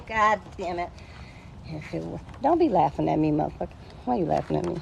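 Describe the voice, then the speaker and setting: A woman's voice: lowish voice, lively intonation, a little fast, vocal fry. A woman chatting casually in a DIY vlog, swearing freely and poking fun at herself. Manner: salty, self-deprecating, swears freely. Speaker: vlogger. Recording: loud background noise.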